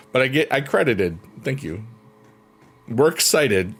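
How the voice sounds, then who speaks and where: A man's voice: medium pitch, husky. Goofy upbeat man streaming live. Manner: goofy, upbeat, joking, laughing often. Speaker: livestream host. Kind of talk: casual livestream chat. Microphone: close mic, leans in.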